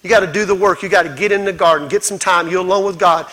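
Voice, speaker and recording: Male pastor, very high and sharp-toned, rhythmic and fervent sermon delivery. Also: steady tone, quick pace, rough recording. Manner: builds to shouted, fervent preaching; repetitive rhythmic exhortation.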